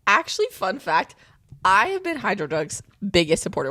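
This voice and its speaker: A woman's voice: lowish voice, sing-song, brisk, bright, forceful tone, no echo. A young woman co-hosting a podcast, bubbly and playful in casual chat. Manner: bubbly and playful, acts out quotes. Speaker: podcast co-host.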